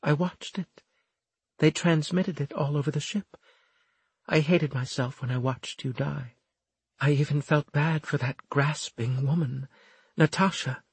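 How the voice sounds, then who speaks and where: A raised, husky voice plays a frightened female alien scientist, as a male narrator puts her on, soft and full of remorse. The tone is very raspy and breathy. The read is dry and close, with no room around it. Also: fairly high pitch, steady tone, unhurried, no echo, voice pushed up, exaggerated voice. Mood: fearful. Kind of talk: audiobook character voice.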